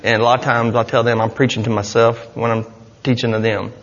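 A man's voice: mid-range voice, little pitch movement, fairly quick, a bit bright, highs cut off. Earnest man testifying in an echoey hall. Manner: earnest, rambling, with many restarts and "you know". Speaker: church member giving a testimony. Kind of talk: personal testimony to a congregation. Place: church hall.

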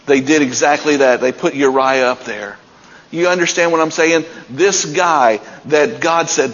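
A man's voice: a little high, unhurried, fairly bright tone, slight background noise. A man preaching a sermon, retelling scripture stories with building intensity. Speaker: pastor. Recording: dull sound with long hall reverb.

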